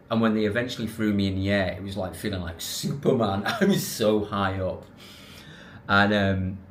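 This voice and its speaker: Low-voiced man telling a story. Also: slight background noise. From England. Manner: animated, rambling with restarts and self-corrections. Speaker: vlogger. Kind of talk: casual storytelling to camera.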